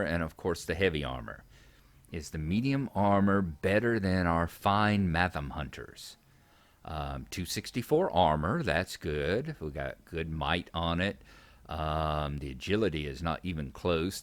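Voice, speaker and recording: A gaming channel host with a low voice reads quest text aloud and chats casually about the game in his gameplay commentary. The recording is dry.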